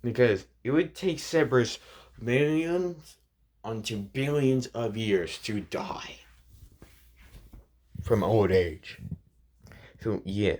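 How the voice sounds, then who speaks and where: A man's voice: medium pitch, lively intonation, takes it slowly, long pauses, a little mellow. A man telling a fan story in a rambling, hesitant way, recorded on a phone. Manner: hesitant, many fillers and restarts. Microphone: phone screen recording.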